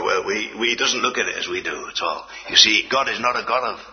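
A man preaching a sermon in an earnest way, swinging between emphatic lines and hushed asides. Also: medium pitch. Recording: dull, long-reverb hall.

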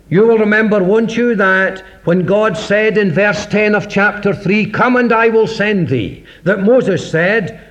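A man preaching a sermon in a dramatic, rhetorical way, acting out the voices of scripture. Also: sits high. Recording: dull lo-fi recording.

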